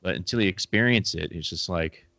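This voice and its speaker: A man's voice: sits low, brisk, creaky, bright, forceful tone, no room sound. A man co-hosting a casual fishing chat, rambling with many restarts and fillers. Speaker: fly fishing podcast co-host.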